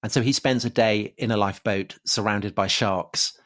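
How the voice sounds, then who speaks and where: A man's voice: on the low side, fairly even intonation, normal speed, fairly bright tone. An English man co-hosting a casual history podcast, talking with many fillers and restarts and chuckling between points. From England. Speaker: podcast co-host.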